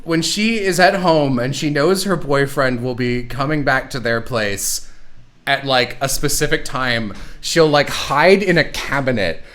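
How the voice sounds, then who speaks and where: A man's voice: medium pitch, a little slow, fairly bright tone, faint music behind. A man hosting a casual livestream chat, retelling stories with lots of laughter and quoted voices. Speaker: show creator and stream host.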